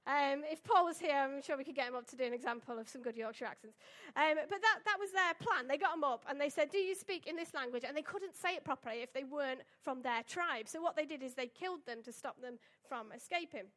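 A woman's voice: high voice, animated, quick pace, few pauses, a bit bright. A young woman giving a casual, chatty sermon and telling stories, with lots of tag questions and fillers. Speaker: preacher.

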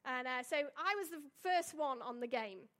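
High-voiced chatty woman preaching. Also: animated, moderate pace, fairly bright tone. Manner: chatty, storytelling, with tag questions and fillers. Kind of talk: casual sermon.

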